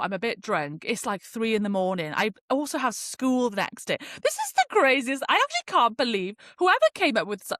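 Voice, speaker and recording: A young British woman hosting a podcast, telling a story in a chatty, animated way with lots of fillers and swearing. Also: a little high, no room sound, studio quality. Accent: British English. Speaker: podcast host. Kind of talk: casual storytelling.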